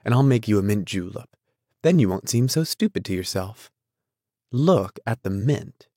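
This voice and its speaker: A man's voice: on the low side, lively intonation, moderate pace, dark tone, dry recording, studio quality. A male reader voicing a young society wife who pleads with tense, strained urgency. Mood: coaxing.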